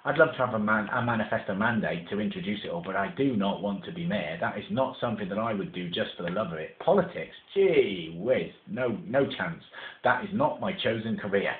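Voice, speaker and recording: A man's voice: fairly low pitch, lively intonation, fairly quick, slight background noise. Rambling man on a tinny, echoey recording. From England. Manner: rambling, earnest, laughs at himself. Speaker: mayoral candidate. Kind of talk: casual campaign video monologue. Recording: echoey room, tinny phone-like sound.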